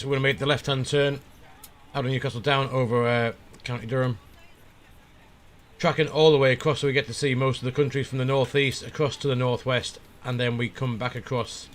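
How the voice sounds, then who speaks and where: A relaxed man on a live stream talks through his flight planning, pausing and thinking aloud as he goes. His voice sits at an everyday middle pitch. A faint hiss of noise runs under it. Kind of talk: casual live-stream commentary.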